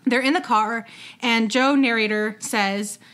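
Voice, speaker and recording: Bright-voiced chatty woman. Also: on the high side, steady tone, unhurried. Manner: chatty, many fillers and restarts. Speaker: podcast co-host. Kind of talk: casual chat.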